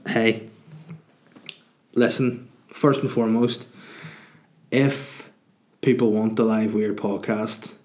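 A man's voice: lowish voice, a little mellow. A young man hosting a casual solo podcast, rambling and swearing freely. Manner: rambling, chatty, swears freely, laughs easily. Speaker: podcast host.

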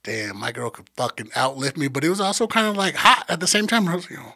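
A young man in his twenties with a bright, forceful voice that sits a little high. He tells stories in a loose, animated, profane way as a podcast co-host. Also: quick pace. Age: 20s. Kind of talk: casual chat.

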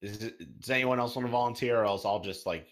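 A man hosting a casual podcast, reading listener questions aloud in a lively, animated way. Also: lowish voice, fast talker.

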